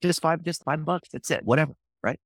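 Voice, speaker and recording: A man speaking as a podcast guest, telling marketing stories in an animated, emphatic way. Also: fairly high pitch, brisk, slightly rough, dry recording. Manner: animated, emphatic, jumps into acted quotes. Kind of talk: casual interview storytelling.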